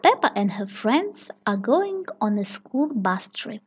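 A woman reading a children's story aloud, slow, clear and expressive, with a breathy voice, on a dull lo-fi recording. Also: medium pitch. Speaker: read-aloud narrator.

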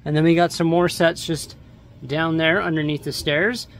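A man with a fairly high voice chats casually through a home vlog. He rambles loosely and keeps dropping little fillers as he goes. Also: moderate pace, a little hiss or hum. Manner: relaxed, rambling, lots of "like" fillers. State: out of breath. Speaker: vlogger. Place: house, rooms and stairs.

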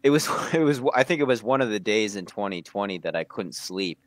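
A man's voice: on the low side, animated, a little fast, no room sound. A young American man talking casually as a guest, hesitant, with many restarts and fillers. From United States. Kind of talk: casual conversation.

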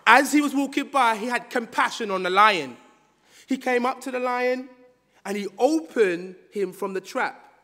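A man preaching a sermon in a church, telling a children's story with animated call-and-response. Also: very high voice, normal speed. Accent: British. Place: church hall. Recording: church hall reverb.

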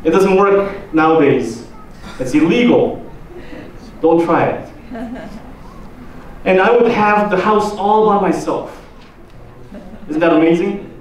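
A pastor with a Korean accent giving a slow sermon, asking the congregation drawn-out questions. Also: male voice, sits high. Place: church hall. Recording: roomy echo, distant mic, faint noise.

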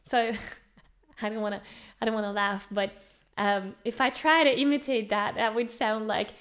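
A woman's voice: on the high side, fairly even intonation, moderate pace, a bit bright. A woman teaching an online singing lesson, explaining things in an upbeat way and demonstrating with her own voice. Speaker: vocal coach.

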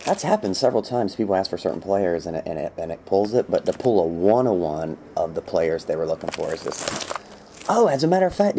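A man casually calling out cards as he opens packs, rambling and easily excited, with a laugh here and there. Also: deep voice, background noise. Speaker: card break host. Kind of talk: casual card-opening commentary.

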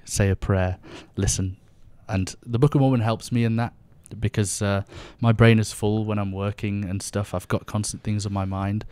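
A young man with a British accent talks about his faith as a podcast guest, earnest and a little halting, restarting his sentences as he goes. His voice sits fairly low and is recorded dry, with hardly any room sound. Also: mellow, clean tone, no echo. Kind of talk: casual conversation about faith.

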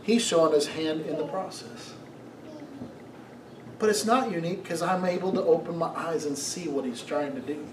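A middle-aged man preaching a sermon as pastor, telling stories in an animated way and asking the congregation questions. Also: a little high, normal speed, background noise. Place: church sanctuary. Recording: echoey room, mic from a distance.

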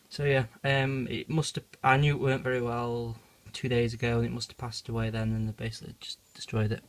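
A man's voice: mid-range voice, dry recording. Squeamish man filming on a phone. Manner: squeamish, swears while freaking out. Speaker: reptile keeper vlogger. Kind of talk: casual handheld vlog. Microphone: phone camera.

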